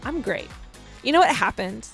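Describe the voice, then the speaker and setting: A woman's voice: fairly high pitch, animated, moderate pace, creaky, soft background music. A young woman co-hosting a podcast, telling rambling stories in casual chat. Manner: chatty, rambling storyteller. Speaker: podcast co-host.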